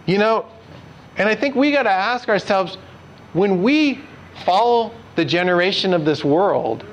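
High-voiced pastor preaching earnestly. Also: male voice, expressive, a little slow, highs cut off, slight background noise. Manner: earnest, direct questions to the congregation. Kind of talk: conversational sermon.

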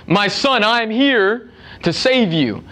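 A man doing a calm, slow voice of God. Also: high-pitched, pitched above the performer's own voice, exaggerated voice. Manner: slow, deliberate.

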